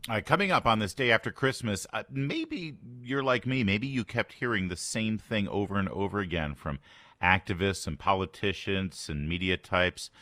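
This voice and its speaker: A man with a very low voice hosts a morning radio talk show in an American accent. He swings his pitch around a lot and reads quotes aloud with sardonic emphasis, and the studio sound is dry and close. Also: animated, moderate pace, pushed and bright, dry recording. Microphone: studio microphone.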